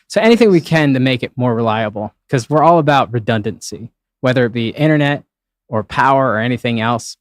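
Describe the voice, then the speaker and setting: A live event streaming producer answers interview questions in a rambling, casual way, full of fillers and acted-out quotes. His voice sits at a medium pitch, captured as clean studio sound with no room echo.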